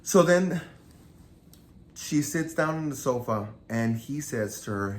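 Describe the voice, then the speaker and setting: A man's voice: mid-range voice, animated, takes it slowly, long pauses, slight background noise. A man casually retelling a true crime story, acting out the quoted lines with lots of energy.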